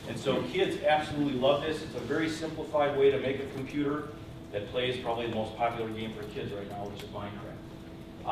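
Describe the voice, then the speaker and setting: A man giving an enthusiastic, fast-paced demo of classroom gadgets at a public event. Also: medium pitch. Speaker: presenter. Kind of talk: quick demo talk. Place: museum event room. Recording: echoey room from far off, noisy.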